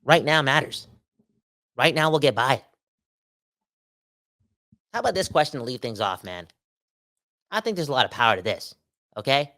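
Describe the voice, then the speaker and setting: A Canadian man hosting a sports podcast solo, talking in an animated, slangy, emphatic way and repeating himself for effect. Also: medium pitch, moderate pace, long pauses. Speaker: podcast host. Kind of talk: casual sports podcast rant.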